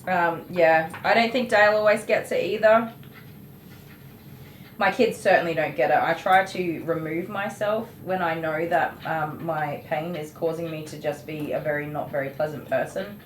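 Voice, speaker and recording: A woman's voice: low-pitched, moderate pace. A middle-aged woman, chatting frankly and laughing at herself while grooming a dog. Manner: frank, self-mocking, laughs often. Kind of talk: casual chat while grooming. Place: grooming room. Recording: echoey room, faint noise.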